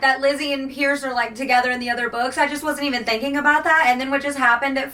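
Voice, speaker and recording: A woman's voice: high-pitched, fairly even intonation, quick pace, hardly any pauses, sharp tone, distant mic. A woman book vlogger reacting emotionally to a novel in casual talk, gushing and full of "like". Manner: gushing and emotional, heavy filler "like". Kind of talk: casual reading-vlog reactions.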